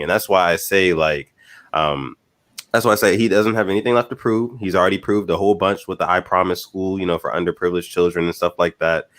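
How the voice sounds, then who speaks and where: A man's voice: low voice, no room sound. A man in casual podcast chat who talks in a laid-back way and fills his speech with "you know what I'm saying.".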